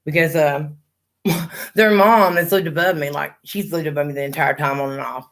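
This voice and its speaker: A woman's voice: low-pitched, fairly even intonation, normal speed. A middle-aged woman, chatting on a livestream and telling blunt, profane stories. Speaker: livestream host. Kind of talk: casual chat.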